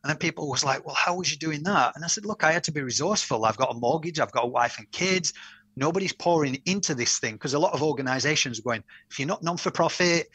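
A man's voice: a little high, fast, fairly bright tone, husky, dry recording. A middle-aged man, a podcast guest, telling his story in an enthusiastic, rambling way. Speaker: podcast guest, campaign founder. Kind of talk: casual interview chat.

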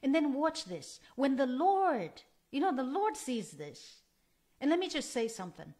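A woman with a slightly high voice preaches a sermon. She speaks in an earnest, emphatic way and repeats key phrases for stress. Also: big pitch swings, unhurried, warm tone.

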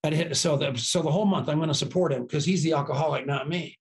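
An older man telling lively stories as a podcast guest, acting out the voices of the people in them. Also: on the high side, fast. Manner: lively anecdotes, acts out quoted voices. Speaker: podcast guest, business co-founder. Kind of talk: animated storytelling.

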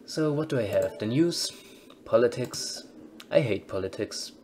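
Man, mid-pitched, let's-play host, casual game commentary, dry wry asides. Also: animated, a little slow, darkish tone, slight background noise.

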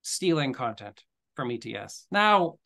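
A man hosting a casual interview, relaxed and chatty, with lots of filler words. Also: medium pitch, a little slow, gravelly. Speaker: host.

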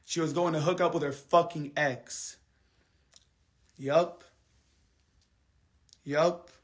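A man ranting angrily to his livestream viewers. He swears heavily, repeats himself, and swings between quiet, subdued stretches and heated outbursts. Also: a little high, fairly even intonation, slow. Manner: angry, heavily profane venting; repetitive, drops quiet then heats up. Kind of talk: live stream rant to viewers.

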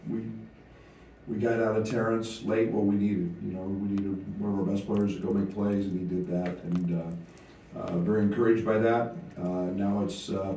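A man, a head basketball coach, answering press conference questions, halting with fillers and restarts. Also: lowish voice, dark tone. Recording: echoey room, distant mic, faint noise.

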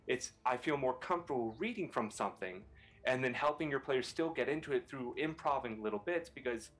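A man's voice: medium pitch, lively intonation, brisk, a bit bright. A male voice actor on a panel, giving earnest advice and explaining his points with rhetorical questions.

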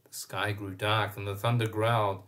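A man reading a children's picture book aloud, expressive and pausing to point out the pictures. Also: lowish voice. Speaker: storyteller.

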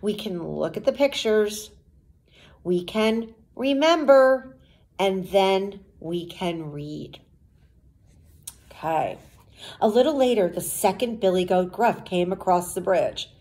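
A woman's voice: medium pitch, slow pace, darkish tone. A woman teacher reading a storybook aloud to children, coaxing them with questions as she goes. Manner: coaxing, asks the listeners questions.

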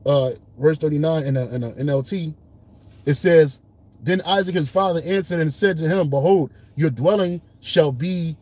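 A man with a husky, slightly raised voice leads a relaxed Bible study. He reads verses and breaks them down in loose, streetwise talk. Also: on the high side. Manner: casual streetwise speech, lively when retelling scenes. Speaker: Bible teacher. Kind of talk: informal Bible study teaching.

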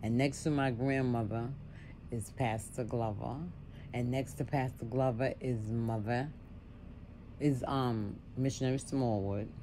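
A woman's voice: a bass voice, fairly even intonation, measured pace, dark tone, a little hiss or hum. Middle-aged woman telling a story, chatty. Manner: conversational, repeats words and asides with "right?". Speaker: storyteller vlogger. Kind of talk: casual storytime monologue.

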